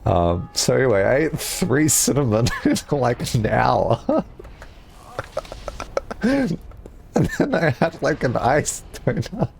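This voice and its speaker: Animated young man telling a story. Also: mid-range voice, slow, gravelly, pauses often, slight background noise. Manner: animated, laughing, swearing. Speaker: streamer. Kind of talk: casual storytelling while gaming.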